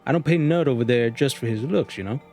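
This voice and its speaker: A man's voice: medium pitch, moderate pace, a little mellow, faint music behind, close to an everyday voice. Give me a guarded small-town shopkeeper who deals shrooms, as a man puts him on, drawling and folksy. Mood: warning. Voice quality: drawling, folksy rural accent voice. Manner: wheeling and dealing, slightly menacing.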